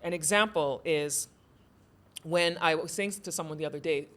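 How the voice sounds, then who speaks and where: A woman born in Ghana hosting an interview, talking in an animated, storytelling way. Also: low voice, normal speed. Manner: animated, storytelling, rising emphasis. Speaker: host. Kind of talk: casual interview chat.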